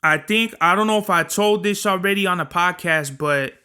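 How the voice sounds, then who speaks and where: Young male podcast host, rambling and profane, bright and crisp tone. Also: high voice, moderate pace. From Southern California. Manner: profane, rambling, slangy storytelling. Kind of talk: casual solo podcast monologue.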